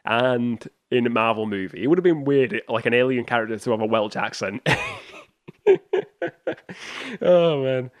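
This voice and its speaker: A man's voice: mid-range voice, animated, moderate pace, pauses often, dry recording, studio quality. A man hosting a solo movie podcast, chatting casually and rambling with restarts and small chuckles. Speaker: podcast host.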